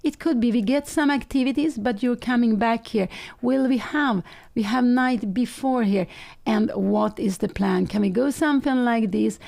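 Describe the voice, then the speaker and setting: A woman calls a chess game live, working through the moves out loud and stopping often to correct herself. Her voice is dark and gravelly, a little rough from the early hour, and her English is plainly not her first language. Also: on the high side, normal speed. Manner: analytical, thinking aloud with frequent self-corrections; non-native English phrasing. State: slightly rough early-morning voice, clearing throat. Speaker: chess commentator and host.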